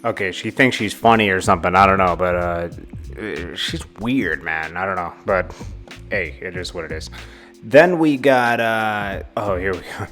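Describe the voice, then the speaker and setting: Male host, lower register, casual and amused gossip commentary, faint music bed. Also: unhurried, a bit bright. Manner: laid-back, amused, chuckling asides. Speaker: celebrity news host.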